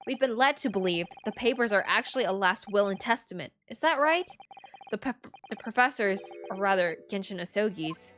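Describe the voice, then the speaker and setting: A woman's voice: mid-range voice, animated, a little fast, a bit bright, slight background noise, voice pushed down, lightly acted. A woman reading the lines of an earnest young male defense lawyer from a video game in her own voice. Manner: earnest, questioning. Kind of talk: reading game dialogue aloud.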